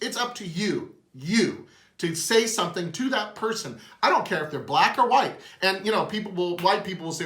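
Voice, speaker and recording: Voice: medium pitch, fairly bright tone, roomy sound. A host giving an earnest, emotional opinion monologue.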